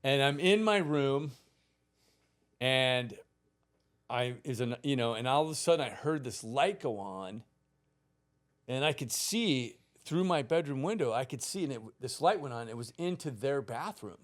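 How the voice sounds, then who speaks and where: A man around sixty, a podcast guest telling a long personal story in a casual, animated way, swearing freely and laughing through it. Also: medium pitch, measured pace. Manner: animated, profane, laughs through his stories.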